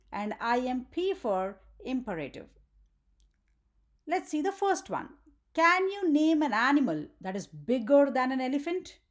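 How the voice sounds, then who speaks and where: A woman teaching a grammar lesson for children, often checking in with "right?" and asking the viewer questions. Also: high-pitched.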